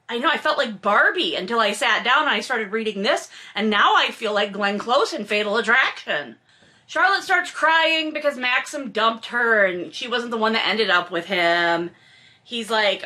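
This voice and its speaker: A woman's voice: on the high side, expressive, moderate pace, bright, forceful tone. A woman in her forties reading a novel aloud and mocking it with sarcastic, exasperated asides. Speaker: host reading and commenting on a novel. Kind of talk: comedic book commentary.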